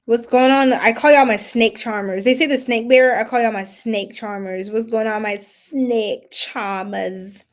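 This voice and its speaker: A young woman doing a casual tarot reading, chatty and animated, often laughing and breaking into loud exclamations. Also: a little high, normal speed, hardly any pauses. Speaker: tarot reader.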